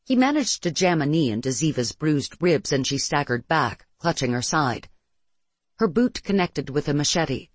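A narrator reading science-fiction adventure fiction aloud in a steady storytelling manner, close to the mic. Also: medium pitch, dry recording. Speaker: audiobook narrator.

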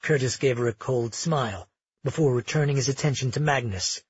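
A man narrating a fantasy audiobook in a steady, measured way. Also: medium pitch, husky, no room sound, muffled recording.

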